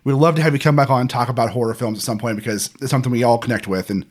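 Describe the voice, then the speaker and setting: Quick, slightly husky male podcast host. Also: mid-range voice. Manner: chatty, joking. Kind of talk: casual podcast chat.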